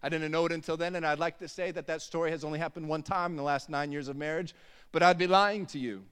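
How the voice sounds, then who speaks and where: A man's voice: a little high, steady tone, quick pace, fairly bright tone, smooth. A man in his thirties preaching a sermon, mixing humorous family stories with emphatic preaching in a church hall. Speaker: pastor. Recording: long hall reverb.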